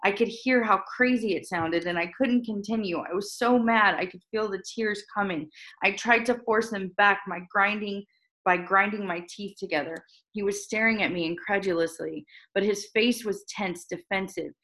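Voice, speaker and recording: A woman reading a first-person novel aloud to a class, with steady narration and small slips and restarts. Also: mid-range voice, normal speed, rough recording. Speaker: reader.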